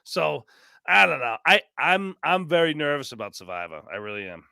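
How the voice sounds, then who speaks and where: A man in a casual podcast chat whose voice sits high and swings widely in pitch. He talks in an animated, rambling way, restarting sentences and leaning on "you know". The sound is dry, with no room around it. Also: normal speed, vocal fry, clean tone, no echo. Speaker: podcast guest, former reality show contestant.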